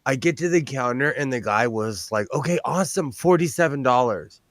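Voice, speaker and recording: A man's voice: medium pitch, animated, moderate pace, no room sound, clean studio sound. A man chatting casually on a show as a guest, rambling and self-mocking, breaking into laughs often. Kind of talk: casual chat.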